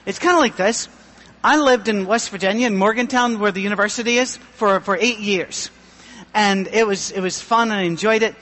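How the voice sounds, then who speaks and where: A middle-aged man pastor giving a humorous, self-deprecating sermon with a thin, high voice. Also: a little fast, sharp tone, long reverb tail.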